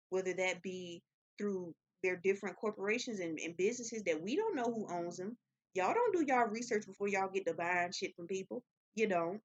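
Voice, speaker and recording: A young woman talking straight to her audience in a blunt, profane, animated way. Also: medium pitch. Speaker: vlogger. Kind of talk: casual rambling monologue. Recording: dull lo-fi sound.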